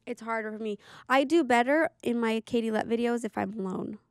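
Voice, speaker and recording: A woman's voice: a little high, brisk, clear, resonant tone, no echo, studio quality. A woman co-hosting a casual podcast chat who mostly listens and adds short, supportive replies. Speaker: podcast co-host.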